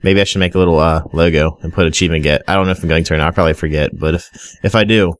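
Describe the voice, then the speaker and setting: A man's voice: low-pitched, fairly even intonation, very fast, no echo. A young man giving casual, rambling Minecraft commentary, often stuttering and talking straight to his viewers. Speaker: gaming video creator.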